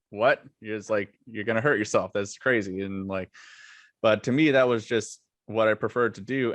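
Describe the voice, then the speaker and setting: A man guest on a podcast, telling his own story in a relaxed, reflective way with plenty of "like" fillers. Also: fairly low pitch, no echo. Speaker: podcast guest, former longboard racer. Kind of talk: casual interview talk.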